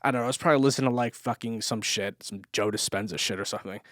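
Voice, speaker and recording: A man's voice: lowish voice, racing, fairly bright tone, dry recording, studio quality. A man telling a story in a loose, rambling podcast monologue, swearing often and full of fillers. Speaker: podcast host. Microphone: camera mic.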